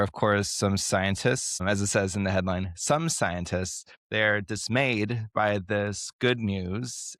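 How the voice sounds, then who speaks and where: A man's voice: on the low side, a bit bright, no echo, clean studio sound. A man co-hosting a podcast, speaking earnestly and with indignation while reading aloud from articles. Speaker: podcast co-host. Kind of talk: casual podcast discussion.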